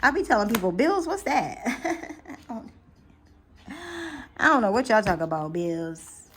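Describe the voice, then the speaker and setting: A woman speaks straight to her viewers in a relaxed reading vlog. She is chatty and encouraging, circles back over her words as she thinks, then eases into slow, gentle affirmations. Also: medium pitch, slight background noise. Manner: repeats and restarts phrases as she thinks aloud. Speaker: astrology and tarot reader. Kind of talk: casual spiritual reading vlog.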